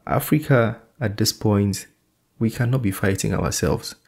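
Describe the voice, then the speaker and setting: Low gravelly man reacting. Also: a little slow. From Nigeria. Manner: relaxed, thoughtful, filler-heavy. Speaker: reaction channel host. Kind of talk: casual reaction commentary.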